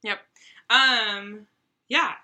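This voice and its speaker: Young woman, host of a casual game chat, chatty and giggly, bright and a bit high-pitched. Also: very slow.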